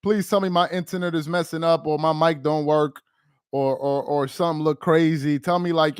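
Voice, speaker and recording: A man's voice: on the high side, steady tone, normal speed, clean tone, dry recording, studio quality. A man hosting a casual sports livestream, talking in a dejected, rambling way with lots of repetition. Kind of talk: casual live-stream chat.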